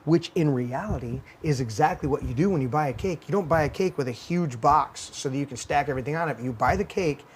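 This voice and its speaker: A man's voice: on the high side, fast, hardly any pauses, slight background noise. A man hosting a talk show, telling stories in a heated, profane rant. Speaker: podcast host. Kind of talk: casual ranting talk show.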